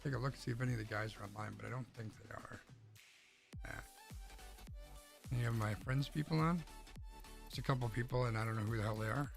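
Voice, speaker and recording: A man's voice: mid-range voice, fairly even intonation, fast talker, vocal fry, pauses often. A young man streaming from his home setup, chatting casually with his viewers while he plays a game through a mixer-fed mic. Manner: rambling, chatty, answers chat while playing. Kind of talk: casual gaming stream chat. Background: game music and game sounds.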